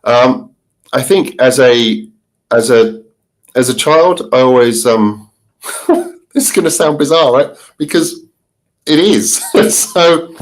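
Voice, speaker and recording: Middle-aged British man, interview guest, chatty, laughs a lot, mid pitch. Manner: chatty, laughs often, many restarts. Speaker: interview guest, marketing consultant. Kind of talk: casual interview answers.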